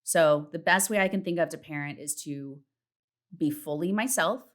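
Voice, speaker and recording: A woman in her thirties hosting a casual solo podcast from home, chatty and candid, swearing freely and acting out her self-talk in a high voice. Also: moderate pace. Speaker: podcast host. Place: home, partner in the next room.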